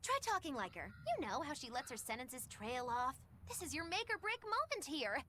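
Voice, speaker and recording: A chirpy, teasing little male spirit, playful and mischievous. His high voice bounces up and down. A faint noise sits behind the game dialogue. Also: big pitch swings, normal speed, pushed and bright, heavily acted.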